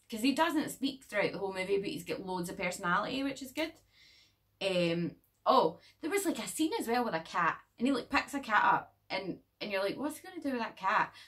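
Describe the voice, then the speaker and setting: A woman casually reviewing a horror movie in a chatty, animated way, swearing freely. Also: on the low side, far from the mic.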